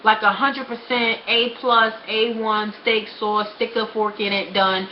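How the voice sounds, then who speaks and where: A woman's voice: on the high side, flat delivery, unhurried, a little hiss or hum. A young woman talking frankly and bluntly in a casual personal vlog, swearing freely. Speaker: vlogger. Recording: roomy, slightly dull home recording.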